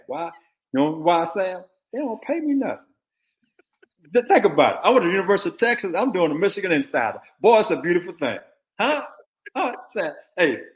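Blunt, animated older football coach. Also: male voice, a little high. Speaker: former football coach and podcast analyst. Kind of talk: casual sports talk.

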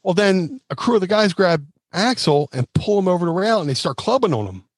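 A man's voice: high voice, very animated, fairly quick, no room sound. A man telling stories as a guest in casual chat, acting out quotes and sound effects. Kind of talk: casual storytelling.

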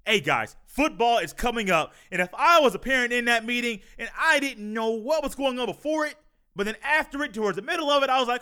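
A man hosting a podcast, talking fast in an animated, goofy monologue. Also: very high-pitched, clear, resonant tone. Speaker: podcast host.

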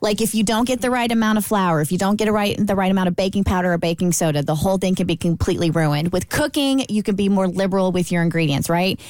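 A woman co-host in casual radio banter, explaining in quick bursts and laughing easily. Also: medium pitch, a little mellow, no echo. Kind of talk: casual morning-show banter.

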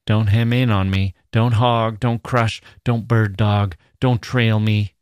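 Menacing young man, read by a man, deep dark voice, slangy, wheedling, storybook reading. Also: steady tone, measured pace, no room sound. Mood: snapping. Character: menacing young man, smooth-talking predator.

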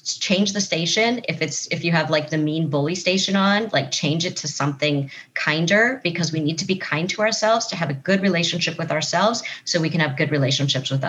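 A woman's voice: deep voice, fairly quick, hardly any pauses, fairly bright tone. A woman psychotherapist talking as an interview guest, earnest and explanatory. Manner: earnest, explanatory, acts out quoted voices. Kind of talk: conversational interview.

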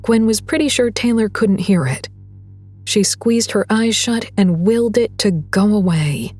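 Woman audiobook narrator, breathy, measured, faint music behind. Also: mid-range voice, a little mellow. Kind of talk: scripted story narration.

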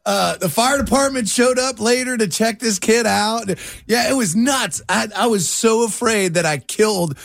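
This man co-hosts a morning radio show and tells stories with plenty of drama. His voice runs notably high for a man. The studio sound is close and dry. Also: moderate pace, gravelly, dry recording. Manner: dramatic storyteller, shifts into excited retelling. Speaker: radio co-host. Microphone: studio microphone.

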